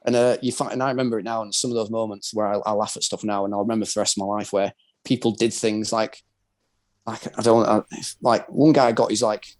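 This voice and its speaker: A lowish, steady, darkish voice belongs to this fast-talking British man, a former soldier and wheelchair rugby player. As a guest on a podcast, he tells his story in a rambling, candid, casual way, filled with filler words.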